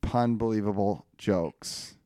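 A man's voice: fairly low pitch, slow, warm tone, clean tone, dry recording, studio quality. A man co-hosting a casual comedy podcast, joking and laughing his way through pun-filled comic strips. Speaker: podcast co-host.

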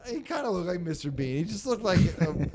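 A man's voice: high voice, sing-song, fairly quick, a crowd in the background. Rambling man telling a story. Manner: rambling, filler-heavy, acts out quotes in a raised voice. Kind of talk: casual chat.

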